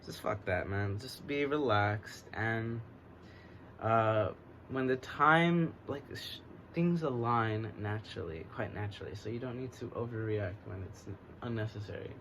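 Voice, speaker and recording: Relaxed man doing a put-on English accent. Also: fairly low pitch, a little slow, slight background noise. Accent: American trying an English accent. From United States. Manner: rambling, relaxed, with a self-described stutter and a put-on English-tinged accent. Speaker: oracle card reader. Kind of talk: casual divination reading.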